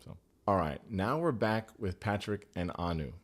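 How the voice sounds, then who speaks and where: A man's voice: fairly low pitch, expressive, moderate pace. A man hosting a comedic TV recap, with jokey, profane, sarcastic asides. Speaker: recap show host.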